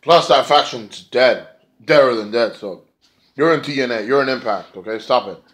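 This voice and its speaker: A man's voice: medium pitch, normal speed, fairly bright tone. A man talking through a wrestling episode in a loose, rambling way. He swears freely and leans on sarcasm, with a mid-range voice. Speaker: wrestling show reviewer. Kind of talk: casual spoken review.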